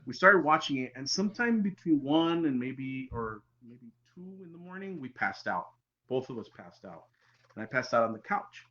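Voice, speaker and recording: A man, a podcast guest telling his own encounter story in an animated way that sometimes drops very quiet. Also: medium pitch, moderate pace. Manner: animated storyteller, drops to near-whispers for tense moments. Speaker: interview guest. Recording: dull lo-fi sound.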